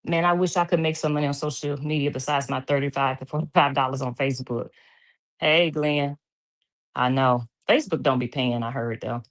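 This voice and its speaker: A woman's voice: very deep voice, moderate pace. A woman hosting a casual livestream from home, reading viewers' comments aloud, chatty and laughing often. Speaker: livestream host.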